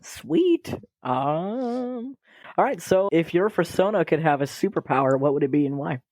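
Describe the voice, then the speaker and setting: A man hosting a podcast in casual chat, playful and quick to laugh. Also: a little high, animated, darkish tone, no echo. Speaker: podcast host.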